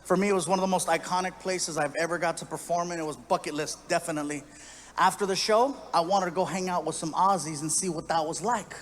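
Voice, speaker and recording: A man telling a story on stage in stand-up, animated and acting out other people's voices. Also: a little high, quick pace, slight background noise. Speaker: stand-up comedian.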